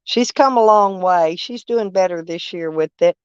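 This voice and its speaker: A woman's voice: lowish voice, moderate pace, clear, resonant tone, no echo. Older lady rambling on a live stream from her camper, folksy, cusses a lot, muffled dry audio. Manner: rambling, folksy, blunt, with frequent swearing. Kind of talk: casual live chat with viewers.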